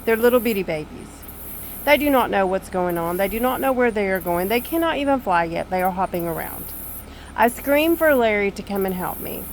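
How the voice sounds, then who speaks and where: An older woman telling a story to camera on her screened back porch, animated, exasperated and poking fun at herself. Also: mid-range voice, a little fast, a little hiss or hum, rough recording. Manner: animated, exasperated, self-mocking. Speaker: vlogger.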